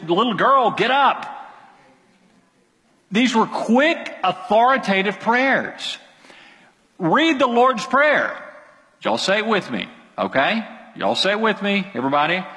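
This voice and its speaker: Male pastor, fairly high voice, informal sermon, reverberant sanctuary. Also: fairly bright tone. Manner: conversational, quizzes the congregation, repeats phrases. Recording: long hall reverb.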